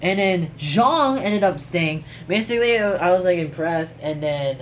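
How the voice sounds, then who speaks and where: Lively, rambling woman reading a quote journal. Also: fairly low pitch, a little slow, a little hiss or hum, rough recording. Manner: chatty, jokey, swears casually, trails off mid-sentence. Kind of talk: casual rambling recap.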